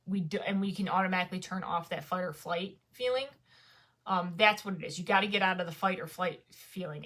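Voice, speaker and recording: Casual woman vlogger, rambling and full of fillers, crisp bright tone. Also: lowish voice. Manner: rambling, conversational, many fillers. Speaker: spiritual vlogger. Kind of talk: casual talk to camera.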